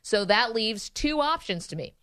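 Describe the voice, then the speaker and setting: A woman's voice: fairly high pitch, animated, normal speed, pushed and bright, smooth, dry recording, clean studio sound. A woman co-hosting a sports talk show, chatting casually about football and laughing often. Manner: laughs often, chatty, reads quotes aloud.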